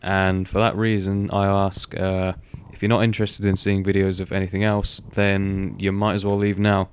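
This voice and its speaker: A man's voice: low voice, monotone, normal speed, smooth. A young man giving casual, rambling gameplay commentary, swearing offhandedly and filling gaps with "um" and "like". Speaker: gaming video host.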